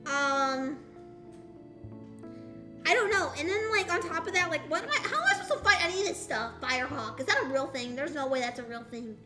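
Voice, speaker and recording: Excitable young woman streamer, high and bright, roomy echo. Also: a little fast, music in the background. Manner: excitable, exaggerated disbelief. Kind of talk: casual live-stream chat.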